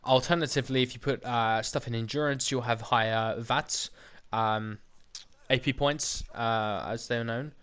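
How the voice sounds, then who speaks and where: Rambling young gamer. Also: male voice, medium pitch, steady tone, a little slow, fairly bright tone, clean tone. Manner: rambling, many "um"s, explains game mechanics. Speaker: gaming YouTuber. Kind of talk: casual let's play commentary.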